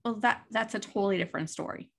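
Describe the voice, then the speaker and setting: A woman's voice: medium pitch, fast talker, creaky. A woman co-hosting a podcast, chatting casually and protesting in a dry way. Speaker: co-host. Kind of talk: casual chat.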